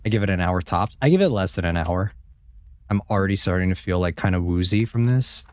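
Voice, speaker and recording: A man's voice: sits low, fairly quick, a little mellow. A man streaming a horror game, chatting casually with his viewers, swearing freely and joking as he plays. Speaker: gaming streamer. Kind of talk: casual let's-play commentary.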